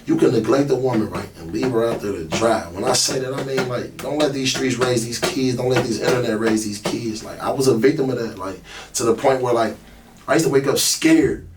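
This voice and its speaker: A young man recounts his own hard upbringing, candid and emotional, with many filler words. His voice sits in an ordinary middle pitch. He sounds a little distant from the mic, with faint ambient noise behind him. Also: brisk. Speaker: podcast host. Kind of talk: personal storytelling monologue.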